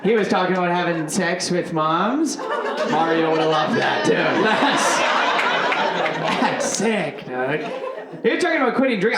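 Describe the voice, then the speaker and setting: A man's voice: high voice, very animated, measured pace. A man hosting a comedy show, hyping the crowd and chatting between acts. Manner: hyped, chatty crowd-work. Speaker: show host. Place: comedy club stage. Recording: roomy club with loud crowd.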